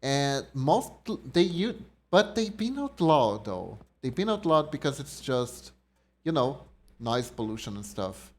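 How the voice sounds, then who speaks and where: A man's voice: mid-range voice, big pitch swings, unhurried. Casual male game streamer. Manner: reads card text aloud, chats with viewers. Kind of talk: casual live-stream chat while gaming.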